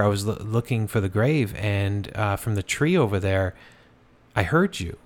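A man hosting a show, telling a ghost story in a relaxed, conversational way with frequent fillers and restarts. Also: fairly low pitch, normal speed. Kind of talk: casual storytelling.

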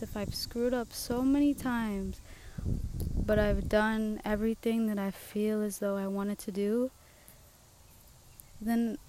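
Swinging outdoors under the trees, a young podcast host speaks in a mid-range voice over slight background noise. It's a casual personal monologue, thoughtful and sincere, and she laughs softly now and then.

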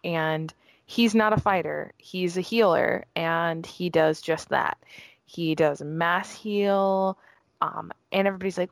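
Gravelly-voiced woman gushing about a trailer. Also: on the low side, steady tone, dry recording. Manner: gushing and emotional, quick bursts. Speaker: guest discussing a game trailer. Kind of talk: excited casual chat.

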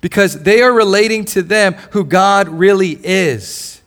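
A man's voice: sits high, unhurried. Emphatic male preacher. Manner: emphatic, swinging between loud declarations and soft intimate lines. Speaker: pastor. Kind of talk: sermon.

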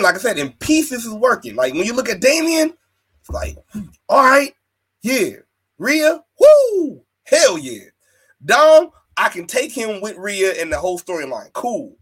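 A man's voice: on the high side, a bit bright, husky. A man hosting a casual wrestling podcast, swearing, laughing and mimicking wrestlers' voices. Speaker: podcast host.

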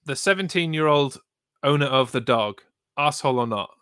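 A man co-hosting a casual chat podcast, weighing things up in a measured, sweary way. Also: mid-range voice, a bit bright, smooth, dry recording, studio quality. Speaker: podcast co-host.

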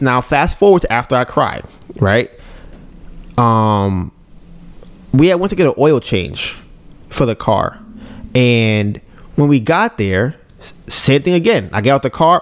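Pausing often and talking somewhat slowly in a medium-pitched voice, a male podcast co-host shares a personal story casually. He regularly checks in with listeners and animatedly acts out the lines of everyone involved, himself too.

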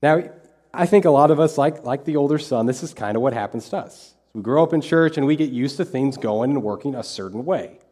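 A man's voice: medium pitch, lively intonation, a little fast, mellow. A man preaching a sermon as pastor, talking in a conversational way and repeating phrases for emphasis. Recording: long hall reverb.

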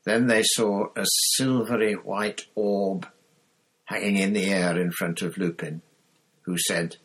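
A man narrating a storybook aloud at a slow, measured pace. His low voice has a husky, breathy grain. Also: steady tone, low-quality recording. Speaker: audiobook narrator. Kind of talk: storybook reading.

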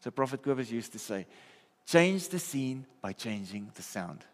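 A man's voice: medium pitch, sing-song, normal speed. Man preaching in a reverberant hall. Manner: conversational, checks in with listeners often. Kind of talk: sermon. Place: church hall.

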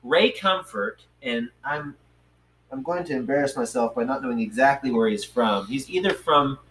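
Rambling animated male podcast host. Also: medium pitch, normal speed, low-quality recording. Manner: rambling, hesitant, full of fillers and laughs. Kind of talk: casual podcast chat.

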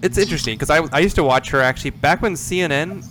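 A man's voice: fairly high pitch, fast, fairly bright tone, soft background music, low-quality recording. A man co-hosting a casual political chat, joking and laughing often. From Minnesota. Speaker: podcast co-host.

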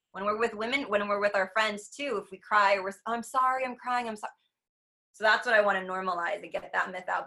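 A woman who teaches breathwork and meditation, talking in a casual conversation. Her voice is bright and forward, at an ordinary pitch for a woman. She rambles earnestly, with many likes and restarts. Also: creaky.

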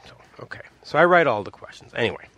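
A man's voice: sing-song, fast talker, bright, forceful tone. A man in his fifties from Montreal, casually telling a personal story in a rambling way, restarting often and acting out the people he quotes. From Montreal, Canada. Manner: rambling, with many restarts and asides; acts out quoted people with big pitch jumps.

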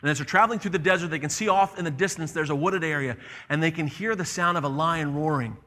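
A pastor preaches with a bright, forceful, slightly high voice, telling the story earnestly and repeating his key phrases. His words ring out with a long echo in a church hall. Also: fast. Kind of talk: sermon.

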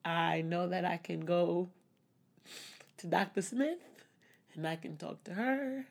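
A woman's voice: on the low side, slow, vocal fry. A woman talking openly and reflectively in a personal vlog, breaking into small laughs now and then. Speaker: vlogger. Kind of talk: candid personal vlog talk.

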